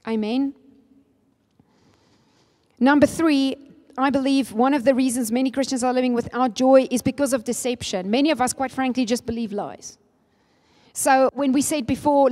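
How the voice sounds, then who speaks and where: A woman's voice: sits high, a little mellow. A middle-aged woman preaching a sermon, earnest and emphatic, her voice leaping up on key points. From Namibia. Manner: earnest, emphatic with rising spikes. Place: church hall. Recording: long church hall reverb.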